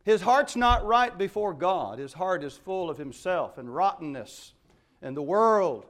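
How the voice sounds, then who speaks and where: A man preaching with urgent emphasis, his voice sitting somewhat high for a man. He moves between soaring, loud declarations and quiet, low asides as he works through the text. It is a pastor's sermon delivery. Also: lively intonation, measured pace. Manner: emphatic preaching with wide swings in loudness.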